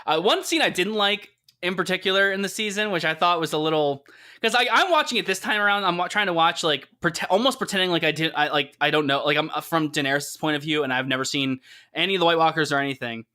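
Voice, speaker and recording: A man talks on a podcast with a bright, ringing tone and a slightly higher pitch than most. He rambles along animatedly and voices the characters' reactions as he retells scenes. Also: fast talker. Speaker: podcast co-host. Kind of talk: casual chat.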